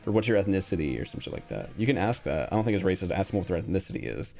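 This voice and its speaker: A man's voice: low-pitched, big pitch swings, very fast, vocal fry, a little mellow, soft background music. A young man streaming casually, reacting bluntly to a quiz with frequent swearing and reading out chat.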